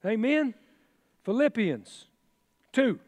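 A man's voice: very high-pitched, big pitch swings, takes it slowly, a little mellow, no echo, big-room sound. A man preaching a sermon in a folksy, exclamatory way, with chatty asides. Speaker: pastor.

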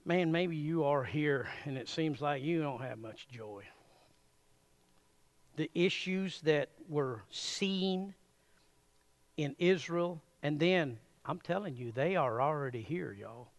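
A man preaching a sermon in a church, folksy and animated, chuckling often as he addresses the congregation. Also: on the high side, slow. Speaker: pastor.

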